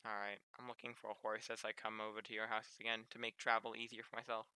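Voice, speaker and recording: A man streaming a game, chatting casually and thinking out loud in a rambling way. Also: on the low side, completely flat delivery, fast, clean tone, dry recording. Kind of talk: casual gaming chat.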